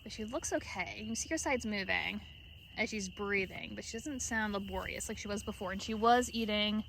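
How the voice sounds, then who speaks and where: A woman's voice: medium pitch, brisk, creaky, fairly bright tone, a little hiss or hum. A woman vlogging at night in her sheep pen, chatting to the camera and cooing fondly at her animals. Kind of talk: casual vlog narration.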